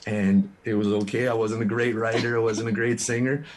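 A man from Canada, a musician guest in an interview, telling his story in an earnest, frank way with quick restarts. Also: on the low side, flat delivery, a little hiss or hum.

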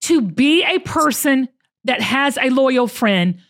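A woman's voice: sits high, slow. A woman hosting a casual chat with her friend, talking in an emphatic, preachy way. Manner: animated, preachy and emphatic, acts out quotes. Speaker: podcast host.

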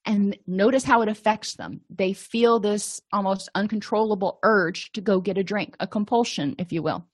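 A woman's voice: mid-range voice, moderate pace, few pauses, dry recording. Therapist woman teaching, dry close sound. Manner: explanatory, conversational, with asides and fillers. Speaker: therapist teaching a skills session. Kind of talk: lecture.

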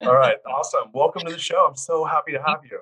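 A man's voice: a little high, pushed and bright. Hyped-up male podcast host. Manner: hyped, enthusiastic, rapid exclamations. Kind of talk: energetic podcast hosting.

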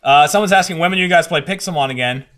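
A man co-hosting a casual podcast chat, tossing in quick quips. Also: on the high side, a bit bright. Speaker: podcast co-host.

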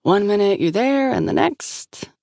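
A woman narrator voicing a shrewd woman agent who questions in a measured, probing way. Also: mid-range voice, sing-song, gravelly, a little mellow, no room sound, studio quality, pitched above the performer's own voice.

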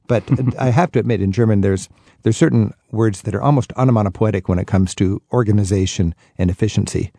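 A man hosts a radio talk show, interviewing a guest with chatty enthusiasm and colorful asides. His voice is gravelly and a little husky, with a dark, mellow tone. The sound is dry and close, with faint music underneath. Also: fairly low pitch, a little fast, dry recording. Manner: chatty, enthusiastic, riffs with vivid anecdotes.

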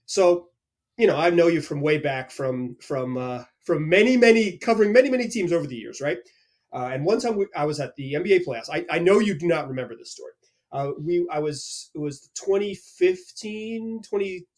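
A man's voice: a little high, brisk. A man hosting a casual podcast interview, talking with energy and telling stories with lots of restarts. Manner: energetic, animated storyteller with frequent restarts. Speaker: podcast host and team reporter.

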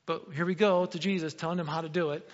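A man's voice: on the high side, fairly even intonation, fast talker, in a large hall, muffled recording. A man preaching a sermon in a conversational way, asking rhetorical questions and acting out what others say. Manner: conversational, asks rhetorical questions, acts out quotes.

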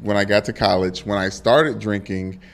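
A young man co-hosting a sports podcast, telling stories in a playful, animated way. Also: fairly low pitch, normal speed. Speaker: podcast co-host. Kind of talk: casual sports podcast chat.

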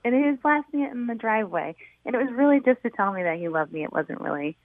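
A woman's voice: on the high side, expressive, fast talker, no echo. A woman calling a radio show, bubbly and chatty, full of "like" and "um", heard over a phone line. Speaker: caller. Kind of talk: phone-in chat.

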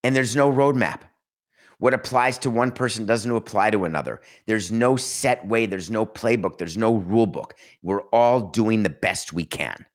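A man's voice: on the low side, moderate pace. A man hosting his own podcast, talking emphatically in a solo monologue, full of sarcasm and rhetorical questions. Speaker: podcast host.

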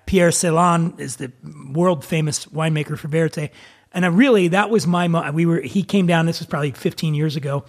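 A man's voice: on the high side, a little fast. A man hosting a casual conversation, chatty and joking with his guest. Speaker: host.

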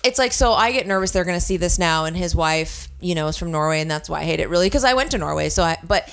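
A woman's voice: lowish voice, fast, vocal fry. An American woman co-hosting a casual podcast, ranting with lots of swearing. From United States. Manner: profane, ranting, animated. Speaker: podcast co-host.

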